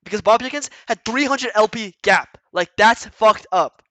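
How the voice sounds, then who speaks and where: Male streamer-coach, sharp bright voice, blunt and rambling, swears freely. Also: high voice, moderate pace, dry recording. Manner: blunt, profane, rambling with restarts. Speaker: retired pro gamer coaching viewers. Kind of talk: casual livestream coaching talk.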